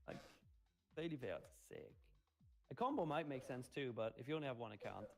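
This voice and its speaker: A man's voice: mid-range voice, animated, a little fast, vocal fry, a little mellow, faint music behind. A man hosting a livestream in casual chat, upbeat and playful as he reads out viewer comments and hypes the audience. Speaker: livestream host reading chat.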